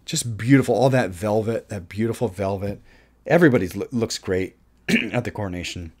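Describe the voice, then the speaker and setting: A man's voice: on the low side, brisk, darkish tone. A man giving an opinionated, casual movie review, his voice jumping up when he gets emphatic. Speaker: film reviewer.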